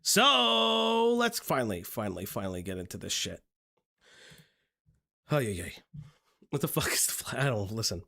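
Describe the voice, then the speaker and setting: A man hosting a live-stream drama commentary in a casual, profane way, with restarts and a voice going hoarse. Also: medium pitch, sing-song, moderate pace, long pauses, bright, forceful tone. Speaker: streamer host.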